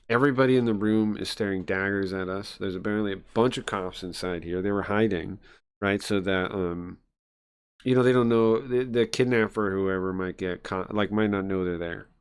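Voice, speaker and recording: A man's voice: sits low, clean tone. A man casually narrating a story game aloud as a streamer, rambling and chatty with lots of fillers.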